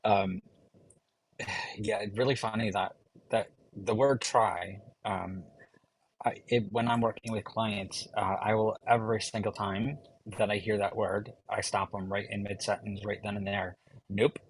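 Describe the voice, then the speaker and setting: A man's voice: on the low side, level tone, measured pace, a little hiss or hum, low-quality recording. A man who works as a life coach, talking in a firm, direct way during a casual podcast chat.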